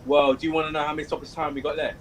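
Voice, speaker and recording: A man's voice: on the high side, level tone, very fast, heavy background noise. A man co-hosting a football watchalong, laid-back and chiming in with stats and asides. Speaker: fan channel co-host. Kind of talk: live match watchalong chat.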